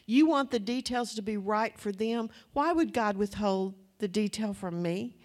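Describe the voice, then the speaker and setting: A woman's voice: medium pitch, unhurried, darkish tone. A woman preaching a testimony sermon, telling her story in a chatty, breathless way and acting out her own past words. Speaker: church speaker.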